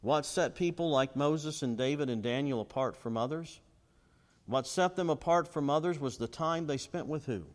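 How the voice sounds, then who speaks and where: A middle-aged man preaching a sermon, asking the crowd questions and swinging between loud and quiet. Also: moderate pace. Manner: call-and-response questions, dramatic swings in pitch and volume. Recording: long hall reverb.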